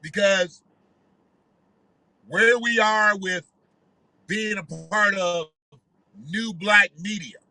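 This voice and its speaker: Brief: a high-voiced male commentator, heated and profane, sharp tone. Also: fairly even intonation, very slow, long pauses, no echo, low-quality recording. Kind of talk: ranting commentary.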